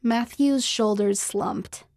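Woman reading a kids story, a bit high-pitched, expressive, dead dry studio sound. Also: takes it slowly, no room sound. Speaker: narrator. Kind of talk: scripted children's story narration.

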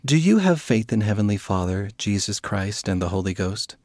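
A man giving a steady, reassuring scripted reading of a magazine answer column. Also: on the low side, moderate pace, no room sound, studio quality.

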